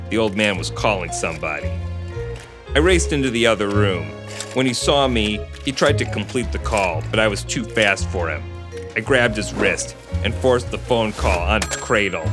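A low-voiced man co-hosting a book podcast who reads a hard-boiled first-person crime novel aloud. Between passages he chats loosely and laughs often. Guitar music is clearly heard behind him. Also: normal speed. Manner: laughs often, says "like" often in chat, steady when reading. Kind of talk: casual book chat and first-person noir reading.

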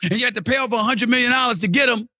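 A middle-aged man hosting a sports commentary show, ranting heatedly and swinging from low grumbling to high shouting. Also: very fast, dry recording, studio quality. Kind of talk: animated sports rant.

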